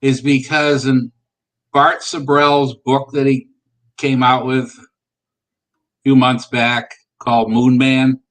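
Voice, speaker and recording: Brief: male co-host, slow-talking and halting, passing along what he read. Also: medium pitch, level tone, low-quality recording. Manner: hesitant, relaying claims with fillers. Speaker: podcast co-host. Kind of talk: casual podcast chat.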